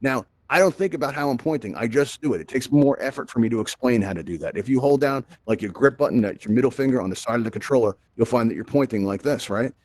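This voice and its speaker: A man's voice: medium pitch, quick pace, hardly any pauses, a little mellow. A man hosting a live virtual reality event, teaching his audience in an upbeat, chatty way and often checking in with "right?". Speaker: host.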